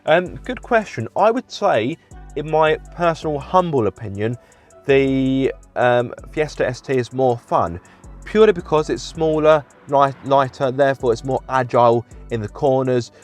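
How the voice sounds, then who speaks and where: A man hosting a casual car review, talking from inside a car, chatty and self-deprecating with plenty of fillers. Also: medium pitch.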